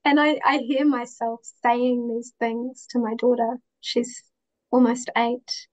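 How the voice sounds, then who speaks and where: Gentle, heartfelt woman with a higher, even voice. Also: takes it slowly, highs cut off. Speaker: interview guest. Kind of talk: reflective interview conversation.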